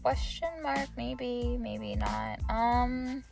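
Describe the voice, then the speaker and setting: A woman's voice: fairly high pitch, normal speed, vocal fry, long pauses, over music. A young woman hosting her podcast from her parked car, talking in a rambling, easily distracted way and swearing freely. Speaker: podcast host. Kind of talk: casual rambling chat.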